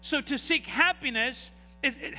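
A middle-aged pastor preaches with a very high, piercing and sharp voice. He talks in animated bursts and asks the congregation question after question. His words carry a long hall reverb over a faint hiss. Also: unhurried, faint music behind. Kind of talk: sermon. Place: church sanctuary.

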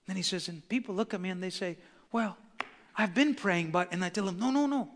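A pastor preaches to his church, his voice bright and fairly high for a man. He swells and drops as he acts out the people he quotes. A long hall reverb trails every phrase. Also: steady tone, fairly quick. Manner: preaching with rising intensity and acted quotes. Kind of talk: sermon. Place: church sanctuary.

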